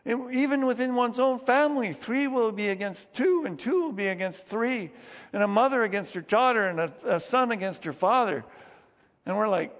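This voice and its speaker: High-voiced male pastor in reverberant hall. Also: animated, normal speed. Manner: storytelling with chuckles and restarts. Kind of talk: conversational sermon. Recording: long reverb, dull lo-fi sound.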